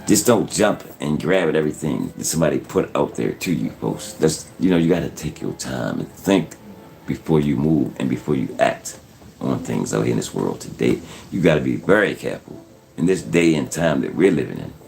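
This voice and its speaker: Deep-voiced male channel host, earnest warnings, repeats himself a lot. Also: sing-song, normal speed, creaky, a little mellow, a little hiss or hum. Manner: earnest, repetitive, keeps saying "folks". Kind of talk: casual preachy commentary.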